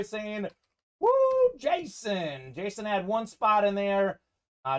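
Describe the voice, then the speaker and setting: A high-pitched man hosts a live-streamed sports card break, keeping up upbeat running commentary on the teams and players.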